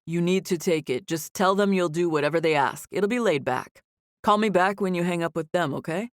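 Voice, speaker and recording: A woman narrator voices an eager, friendly young male star who rushes through his words. She keeps close to her own lowish voice, in a dry, close audiobook recording. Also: no echo, lightly acted. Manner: quick, rushed talking.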